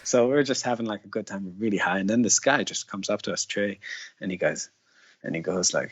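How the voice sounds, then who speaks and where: Husky low-voiced man rambling casually. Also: a little fast. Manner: rambling, leans heavily on "like". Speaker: guest musician. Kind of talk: casual storytelling. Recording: dull lo-fi sound.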